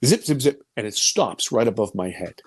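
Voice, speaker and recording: A man in his fifties telling a personal story in an interview, with a pitch that leaps and falls as he talks. He swings from loud exclamations down to hushed near-whispers. The sound is dry and close, with no room echo. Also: lively intonation, moderate pace, husky. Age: 50s.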